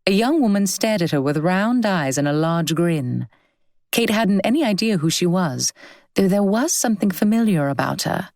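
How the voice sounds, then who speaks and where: A woman reads a novel aloud in an even, measured storytelling style. Her voice sits on the low side. The recording is close and completely dry. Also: dry recording. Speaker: audiobook narrator. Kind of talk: scripted audiobook narration.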